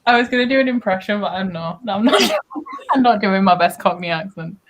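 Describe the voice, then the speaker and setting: A young woman from North West England with a Wigan accent co-hosts a reading sprint stream, chatting casually and playfully and laughing often. Her mid-range voice swings hugely in pitch at a brisk pace, with slight background noise.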